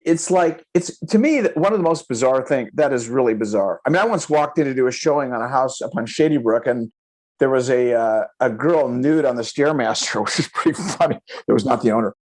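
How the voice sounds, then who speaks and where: A middle-aged man, a guest agent, telling real estate stories with animated delivery and acting out the people in them. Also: mid-range voice, a little fast. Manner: animated, mimics people in his stories, laughs. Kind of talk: casual storytelling chat.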